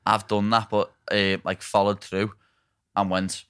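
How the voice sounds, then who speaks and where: Man, blunt, sweary, bright tone, dry close recording. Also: lowish voice, level tone, a little slow, clean tone, no room sound. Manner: blunt, sweary, keeps saying lad. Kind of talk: casual podcast chat.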